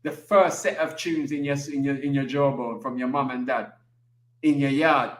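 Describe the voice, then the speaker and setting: Animated man with street slang. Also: mid-range voice, normal speed, echoey room. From England. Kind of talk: casual chat.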